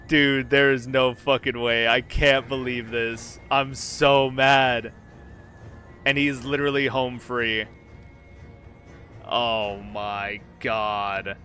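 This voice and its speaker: Young male streamer, bright edgy tone, hotheaded, cusses, faint music behind. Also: mid-range voice, slow pace. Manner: excitable, swears when frustrated. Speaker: game streamer. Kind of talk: live gameplay commentary.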